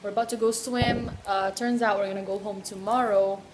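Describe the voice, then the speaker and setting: A woman's voice: medium pitch, fairly even intonation, brisk, slight background noise. A young woman vlogging casually into a handheld camera, chatty and giggly, rambling a little as she talks. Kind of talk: casual vlog chat. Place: hotel room and outdoor sights.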